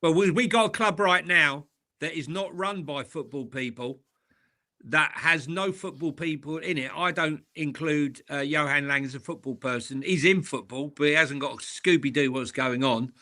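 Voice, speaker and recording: A man's voice: on the high side, normal speed, sharp tone. A man co-hosting a casual football podcast, blunt and opinionated, repeating himself in banter. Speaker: co-host.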